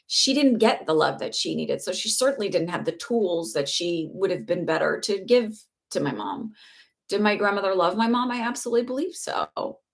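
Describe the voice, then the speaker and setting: A middle-aged woman talking casually on a live stream as a spiritual teacher, earnest and reassuring, rambling with fillers and restarts. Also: mid-range voice. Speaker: spiritual teacher and psychic reader.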